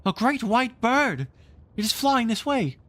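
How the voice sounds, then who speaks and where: A man voicing an excited, awestruck lost boy in a storybook read-aloud, breathless and wondering. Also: extremely high pitch, measured pace, voice pushed up, exaggerated voice.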